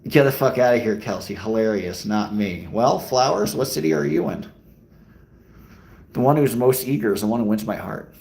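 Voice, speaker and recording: A man's voice: medium pitch, moderate pace, gravelly, a little mellow. A man livestreaming while out walking, answering his chat in a joking, crude, rambling way. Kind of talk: casual chat. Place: walking outdoors in a city.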